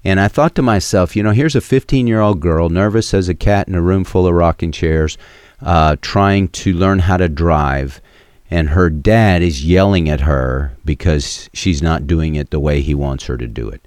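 A middle-aged man hosting a radio call-in show, teaching from the Bible in an earnest way and going quiet and soft when telling personal stories. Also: low voice, normal speed, dry recording, clean studio sound. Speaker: radio show host and preacher.

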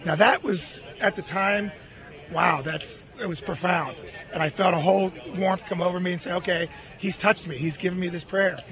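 A middle-aged man, an interview guest, telling a long personal story in an earnest, animated way. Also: high voice, normal speed, a crowd in the background.

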